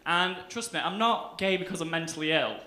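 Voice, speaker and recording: A little high and a little fast, this young man's voice has a sharp tone and lively intonation. He's a Northern English stand-up doing a chatty, self-mocking club set, laughing and acting out quotes, recorded with roomy club sound and slight hiss.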